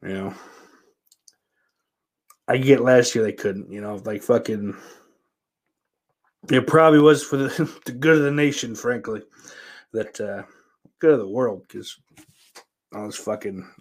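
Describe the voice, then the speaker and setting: A man's voice: medium pitch, a little mellow. Profane rambling male podcast host. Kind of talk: casual rambling monologue.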